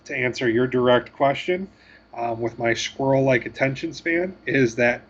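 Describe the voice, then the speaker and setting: A man co-hosting a gaming podcast, talking in a rambling, halting way with self-deprecating asides. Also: medium pitch, dull audio, slight background noise. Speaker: podcast co-host. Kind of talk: casual chat.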